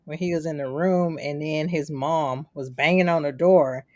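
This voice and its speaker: A low-pitched woman co-hosting a podcast, in casual chat. She retells scenes with animation and acts out the lines she quotes. The sound is dry and close. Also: fairly even intonation, moderate pace, a little mellow, no echo. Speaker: podcast co-host. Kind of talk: casual chat reviewing a TV episode.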